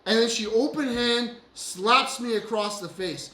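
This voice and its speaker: A man with a high, bright voice tells a wild story to a friend, acting out every quoted line loudly and cursing freely. His laughter breaks through his words, and the room around him sounds noticeably echoey. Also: measured pace. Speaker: podcast co-host. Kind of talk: animated storytelling among friends. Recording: roomy echo.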